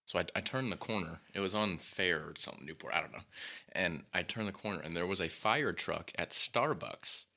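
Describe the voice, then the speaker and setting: A man's voice: sits low, fairly quick, vocal fry, bright, forceful tone. A young man co-hosting a podcast in a playful, teasing casual chat. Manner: playful, teasing, tries out voices. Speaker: podcast co-host.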